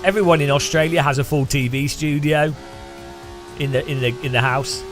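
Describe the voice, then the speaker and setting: A man talks casually while streaming a racing game, teasing and joking with his viewers. His voice sits a little high, and soft music plays faintly behind him. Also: fairly even intonation, moderate pace. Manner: teasing, joking, chatty with restarts. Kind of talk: casual gameplay commentary.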